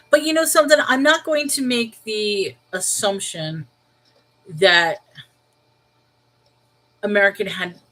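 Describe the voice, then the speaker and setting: A woman's voice: mid-range voice, takes it slowly, long pauses, poor audio. Woman, New York accent, livestream host; casual and conversational, reacting to viewer comments as she goes. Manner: talks things through out loud, reacting to viewer comments. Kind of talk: casual live-chat reply.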